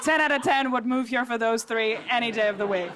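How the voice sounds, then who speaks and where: A woman's voice: a little high, a little fast, very noisy. A woman from Russia performing a sarcastic stand-up set on a theatre stage, acting out quotes as she goes. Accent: American-learned English. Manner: lively, sarcastic, acts out quotes. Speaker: stand-up comedian. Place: theatre stage before a laughing audience. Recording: audience laughter clearly audible.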